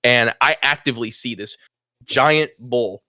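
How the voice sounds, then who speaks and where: A young man spinning a rowdy story on a podcast, his voice at an ordinary middle pitch. He swears freely and breaks into laughter as he goes. The sound is dry and close, with no room around it. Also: unhurried, no echo. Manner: animated, swears often, laughs mid-story. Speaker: podcast co-host. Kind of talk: casual storytelling chat.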